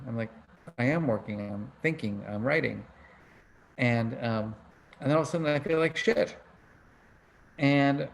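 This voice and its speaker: A man's voice: mid-range voice, creaky, a little hiss or hum. A middle-aged man hosting an online book club over a video call, teaching in a casual, conversational way and asking his audience questions. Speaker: book club host and emotion researcher.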